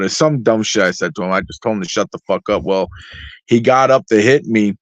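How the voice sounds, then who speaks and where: A man's voice: lowish voice, normal speed, no echo. A man, the guest artist in an interview, tells stories casually, swearing heavily and rambling through plenty of fillers. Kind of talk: casual storytelling. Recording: dry, slightly dull lo-fi sound.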